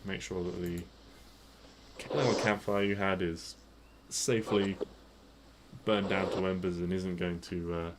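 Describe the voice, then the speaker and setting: A man running a tabletop game, speaking in a fairly low voice. He narrates the scene at an easy pace with plenty of fillers, and there is clear noise behind him. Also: a little slow. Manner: relaxed, rambling description with many fillers. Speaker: game master.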